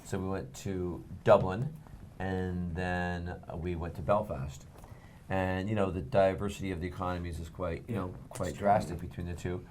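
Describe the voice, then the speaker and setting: A man telling an animated anecdote about meeting a fan, acting out the voices in the story. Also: low voice, moderate pace, a little hiss or hum. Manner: acts out voices in his story. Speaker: actor telling a convention story.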